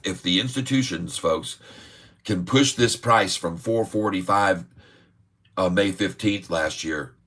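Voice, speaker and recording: A man's voice: deep voice, bright, forceful tone. A middle-aged man hosting a day-trading livestream, talking in a chatty, jokey way, often laughing and repeating himself. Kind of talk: casual livestream chat.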